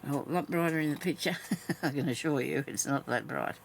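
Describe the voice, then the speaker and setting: Gravelly woman mumbling over her stitching. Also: deep voice, brisk, slight background noise. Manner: mumbling to herself, drifting into soft half-whispers. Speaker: craft vlogger. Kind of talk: casual talk while stitching.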